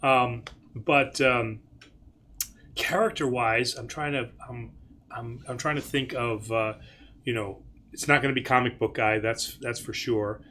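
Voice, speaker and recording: A man's voice: mid-range voice, fairly even intonation, unhurried, pushed and bright. A man hosting a church question-and-answer livestream as its priest, talking casually with many fillers and restarts. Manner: rambling, lots of fillers and restarts.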